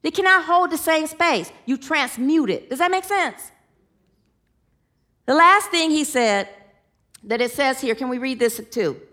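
Woman giving a sermon, high bright voice, earnest, gets animated telling stories. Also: unhurried, pauses often. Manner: earnest, leads the group in affirmations. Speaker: spiritual teacher.

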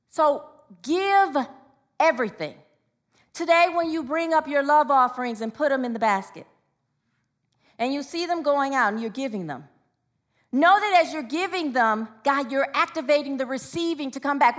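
Bright high-voiced woman preaching a sermon. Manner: call-and-response with the congregation; personal storytelling.

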